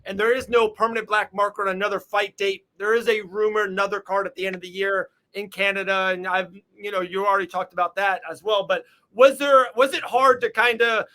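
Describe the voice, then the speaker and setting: A man's voice: sits high, fairly even intonation, a little fast, hardly any pauses, sharp tone. A man from Florida hosting a podcast, asking long rambling, enthusiastic questions. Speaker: podcast host. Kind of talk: casual interview.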